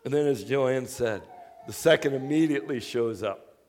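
A man preaching a sermon as earnest storytelling, moving between hushed, quiet passages and loud, excited bursts. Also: mid-range voice, moderate pace. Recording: long reverb of a hall.

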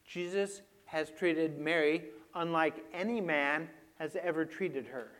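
A man preaching a sermon with slides, moving from quiet reflection to loud, emphatic passages. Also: a little high, takes it slowly. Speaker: pastor.

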